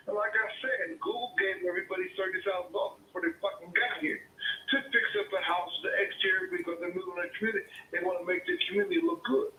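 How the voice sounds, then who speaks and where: Angry profane caller from the Pittsburgh area, bright voice, echoey line. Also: male voice, high-pitched, slight background noise. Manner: profane, combative, repetitive. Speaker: caller, homeowner. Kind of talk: heated phone argument.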